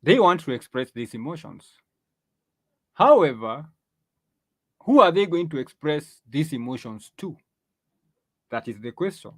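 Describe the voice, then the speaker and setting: Male host, conversational commentary with frequent restarts, slightly high voice, dry close sound. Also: big pitch swings, a little slow, long pauses, no echo. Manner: repeats and restarts words often, conversational. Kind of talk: commentary on clips.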